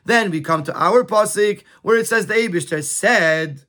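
Guy going through a text, kinda high bright voice, stumbles and repeats words. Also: moderate pace. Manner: repeats words and stammers while explaining. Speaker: Torah teacher. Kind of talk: reading a Yiddish text and translating it into English.

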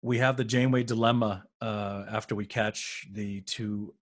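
A man's voice: lowish voice, steady tone, moderate pace. A middle-aged man co-hosting a podcast, chatty and agreeable as he recalls an episode. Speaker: podcast co-host. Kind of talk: casual rewatch discussion.

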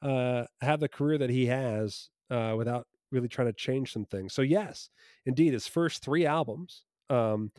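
A man's voice: mid-range voice, a little slow, a little mellow, no room sound, studio quality. A man from New Jersey in casual podcast chat, talking in an enthusiastic, rambling way and often correcting himself.

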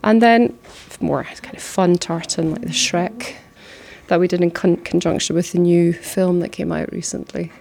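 A woman guiding a tour of a mill in an easy, agreeable way. Her voice is low and flat with a gravelly texture, and she keeps a steady tone. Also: normal speed. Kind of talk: guided tour interview.

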